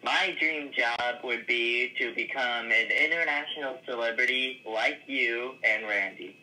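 Hesitant male caller, very bright tone. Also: medium pitch, measured pace, low-quality recording. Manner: hesitant, full of "uh" fillers, friendly. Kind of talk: casual phone-in chat.

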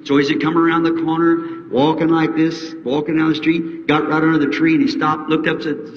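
A man's voice: on the high side, normal speed, hardly any pauses, a little hiss or hum. A man preaching a revival sermon, telling a story fervently and acting out its characters in a raised voice. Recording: old distant hall recording, muffled.

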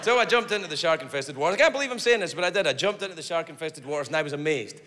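Animated Scottish comic in a big hall. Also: male voice, rapid-fire. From Scotland. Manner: animated, swings into shrieking high voices for punchlines. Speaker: stand-up comedian. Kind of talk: stand-up comedy storytelling. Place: large theater stage. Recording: reverberant hall with loud audience noise.

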